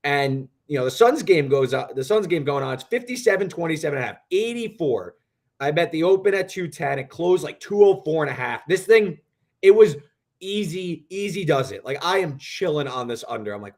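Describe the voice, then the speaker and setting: A young man co-hosting a sports betting show, telling a long story in an animated, rambling way. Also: on the high side, fairly quick. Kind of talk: casual podcast chat.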